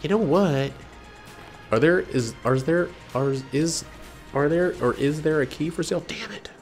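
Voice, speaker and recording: A man casually commenting while he streams a video game, rambling, joking and breaking into excited outbursts. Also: on the high side, measured pace, soft background music. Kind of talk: casual let's-play commentary.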